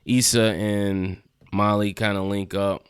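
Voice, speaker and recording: A man with a smooth, slightly low voice gives a relaxed, slangy recap of a TV episode. He chuckles as he retells scenes. The sound is dry and close, with no room around him. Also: slow, no room sound. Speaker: TV show reviewer. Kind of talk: casual recap and review.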